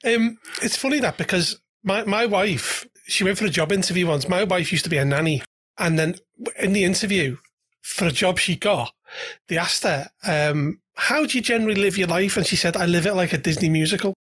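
A man's voice: sits high, moderate pace, fairly bright tone, slightly rough. A man hosting a podcast interview, talking casually and hesitantly, often repeating words as he finds his phrasing. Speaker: podcast host.

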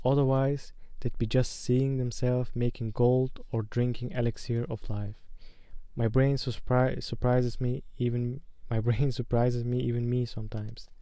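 A man voicing a whimsical, kindly old headmaster wizard who talks gently and dreamily. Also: medium pitch, flat delivery, measured pace, dry recording, lightly acted. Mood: dreamy, wry.

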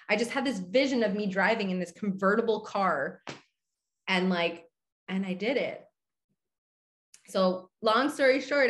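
A young woman telling a personal story in casual chat, animated and full of "like", acting out her own reactions. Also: mid-range voice. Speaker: podcast guest.

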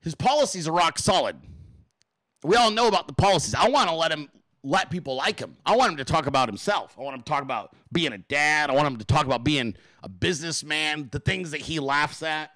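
A man hosting a casual solo talk show, excitable and rambling, swearing freely and full of fillers. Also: on the high side, a little fast, no room sound. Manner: excitable, profane, rambling with many fillers and laughs. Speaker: podcast host.

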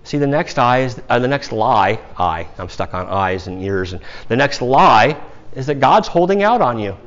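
A man's voice: medium pitch, big pitch swings, normal speed, fairly bright tone, highs cut off. A male pastor from the United States preaching a sermon in a conversational way, with casual asides to the congregation.

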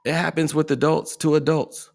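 A man's voice: fairly high pitch, flat delivery, moderate pace, vocal fry, darkish tone. A man hosting a motivational podcast, talking emphatically and asking his listeners rhetorical questions. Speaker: podcast host.

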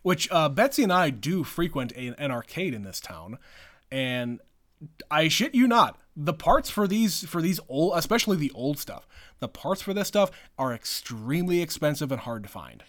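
A man's voice: fairly high pitch, moderate pace. Laid-back man in casual chat. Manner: relaxed, laid-back, sometimes swears. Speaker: podcast co-host.

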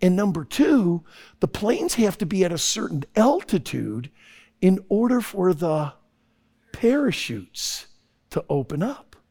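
A man acting out an earnest military commander who pleads and explains in a rush. His gravelly voice climbs and dips a lot. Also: sits high, very animated, measured pace, a little mellow, exaggerated voice. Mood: flustered.

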